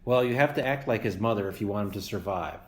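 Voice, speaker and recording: Dude doing a squawky bossy old mother goose, loud and lively, roomy sound. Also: lowish voice, fast, close to an everyday voice. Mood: scolding. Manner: squawking, scolding, know-it-all.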